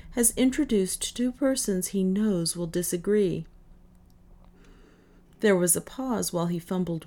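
A woman reading a first-person novel aloud in measured audiobook narration. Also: fairly low pitch, warm tone. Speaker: audiobook reader. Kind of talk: scripted narration.

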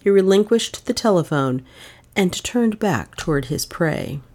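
A woman reading a novel aloud as an audiobook narrator, with expressive storytelling. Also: on the low side, measured pace. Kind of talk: scripted narration.

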